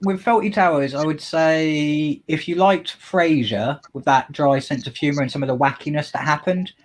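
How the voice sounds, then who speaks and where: A man in a casual chat who recounts comedy scenes in a lively way. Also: on the high side, moderate pace.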